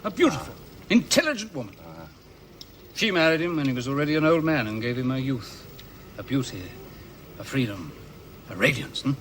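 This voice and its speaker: A man's voice: medium pitch, very animated, fairly quick, pauses often, fairly bright tone, a little hiss or hum. An actor in a radio drama playing a bitter, sardonic middle-aged man who mocks and rants. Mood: scornful. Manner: mocking, ranting, sarcastic.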